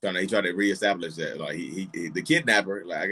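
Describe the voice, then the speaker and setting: A man hosting a casual live-stream chat, animated, laughing often and acting out little quoted voices. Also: low-pitched, quick pace, slight background noise. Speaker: host.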